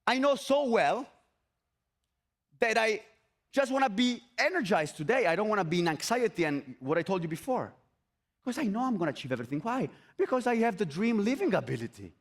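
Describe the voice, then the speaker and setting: A man gives an energetic motivational talk on an event stage, repeating his points and firing rhetorical questions at the audience. His voice sits high, and its pitch swoops in a lively way. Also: fairly quick. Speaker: motivational speaker.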